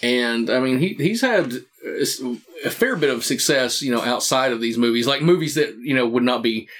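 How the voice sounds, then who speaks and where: A man's voice: mid-range voice, animated, moderate pace, fairly bright tone. A man co-hosting a casual movie commentary chat, laughing often and restarting his sentences as he talks.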